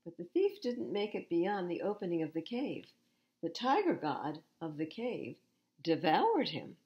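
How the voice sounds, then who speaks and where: A woman's voice: on the low side, sing-song, moderate pace, dull audio. A woman reading picture books aloud to children at storytime, expressively and with asides to the listeners. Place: public library.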